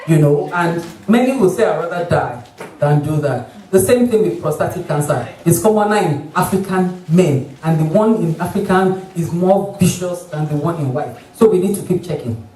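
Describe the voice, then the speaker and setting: A Nigerian-accented doctor gives a health talk in a hall, lively and fond of mimicking patients. The voice sits in the middle of the pitch range and carries plenty of room sound. It is picked up from a distance, away from the microphone. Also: normal speed, few pauses, slight background noise. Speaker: doctor, obstetrician. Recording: roomy hall, voice from far off the mic.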